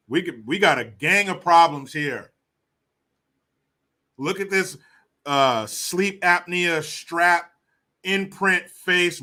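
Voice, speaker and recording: A man's voice: high-pitched, pushed and bright. A man hosting a live political commentary show, ranting heatedly and swearing freely. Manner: reads viewer comments aloud.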